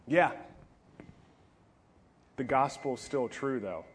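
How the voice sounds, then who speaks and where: A man delivers a youth sermon with playful jokes and animated asides. His voice sits at an ordinary middle pitch, and he swings between punchy lines and quieter moments. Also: takes it slowly, pauses often. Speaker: youth pastor.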